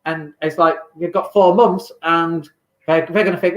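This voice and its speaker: A man's voice: on the high side, fairly even intonation, moderate pace. A man who invests in property, talking casually on a livestream from home, rambling and reading viewer comments aloud. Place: home in lockdown. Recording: echoey room.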